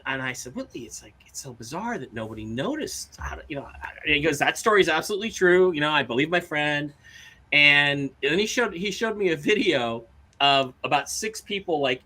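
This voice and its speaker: A man's voice: on the high side, sharp tone. A man co-hosting a talk show, telling stories casually and acting out quotes in a raised voice. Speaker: co-host. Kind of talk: casual storytelling chat.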